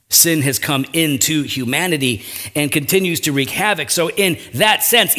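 A man preaching a sermon, earnest, with frequent rhetorical asides and big swings in pitch and loudness. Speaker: pastor.

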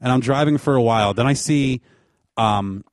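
A man spins a long, winding story in easy conversation, stacking fillers as he goes. His voice sits at an ordinary middle pitch and is recorded dry and close, with no room sound. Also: normal speed, no echo. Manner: rambling, animated storytelling with fillers. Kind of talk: casual chat.

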